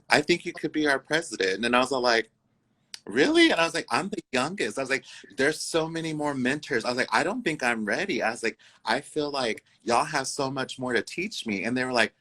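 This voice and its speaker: Bright, animated Two-Spirit storyteller. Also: mid-range voice, poor audio. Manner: animated, acts out quoted voices; uses many fillers and "I was like". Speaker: guest, incoming co-host. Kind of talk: casual storytelling interview.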